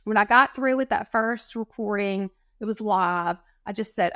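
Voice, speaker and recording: A woman telling stories as a podcast guest in casual talk, animated and acting out quoted dialogue. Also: medium pitch, moderate pace, few pauses, no room sound, studio quality. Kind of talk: casual storytelling interview.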